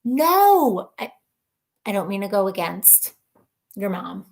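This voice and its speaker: A woman's voice: medium pitch, flat delivery, a little slow, gravelly. Chatty woman hosting a live stream. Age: adult mother of children. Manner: chatty and rambling, laughs often, thinks out loud. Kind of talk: casual live-stream chat, reading viewer comments aloud.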